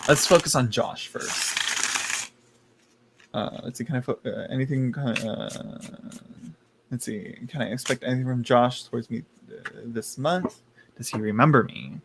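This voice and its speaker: A man's voice: medium pitch, unhurried, gravelly, background noise. A man doing a live tarot reading stream, chatty and campy, laughing often and calling viewers "girl". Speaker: tarot reader.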